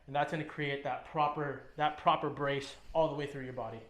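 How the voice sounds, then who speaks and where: A man's voice: mid-range voice, steady tone, fairly quick, fairly bright tone. A man working as a fitness trainer, demonstrating and explaining lifts with short coaching cues and frequent ums as he moves. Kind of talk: instructional demonstration. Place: gym, indoors. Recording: echoey gym room.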